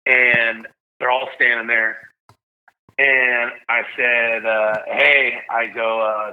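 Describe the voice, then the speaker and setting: A man's voice: medium pitch, takes it slowly. Guy in his 30s retelling a big win, fired up, kinda dull lo-fi audio. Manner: animated, shouts when reliving big moments. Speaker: guest, stadium PA announcer. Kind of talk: emotional storytelling in a podcast chat. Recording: slightly dull lo-fi sound.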